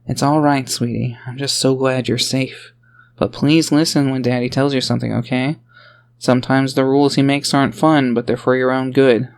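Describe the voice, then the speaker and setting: A tired, earnest young father, defensive one moment and softly coaxing the next, as a man reads him close to his own voice. His voice sits at an ordinary middle pitch. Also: flat delivery, normal speed, lightly acted. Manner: defensive, then gentle and coaxing. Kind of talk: audiobook character voice.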